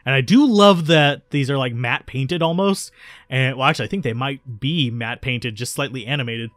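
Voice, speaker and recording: A man's voice: mid-range voice, moderate pace, fairly bright tone, no room sound, studio quality. A man hosting a let's play, commenting casually on the game and correcting himself as he goes. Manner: chatty, self-correcting. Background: faint game music.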